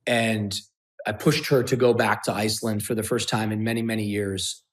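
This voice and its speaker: A man's voice: fairly low pitch, level tone, moderate pace. Intense, blunt man telling his story. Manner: intense, profane, repetitive emphasis. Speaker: interview guest. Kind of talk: personal storytelling.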